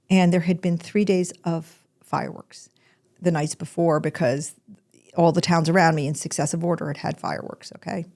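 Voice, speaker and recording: A woman's voice: on the low side, vocal fry, a little mellow. An older woman hosting a podcast, telling a personal story in a candid, emotional way. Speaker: podcast host.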